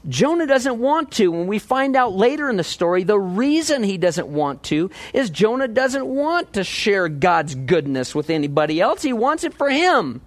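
A man preaching a verse-by-verse sermon in a conversational, animated way, often asking his listeners questions. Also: high voice, moderate pace, hardly any pauses, no echo. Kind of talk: expository sermon.

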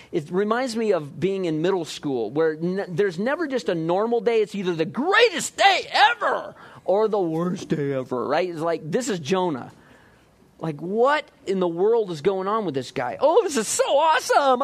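A man preaching a sermon, lively, acting out voices and joking with the congregation. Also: fairly high pitch. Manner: lively, acts out quotes, jokes with the congregation. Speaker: pastor.

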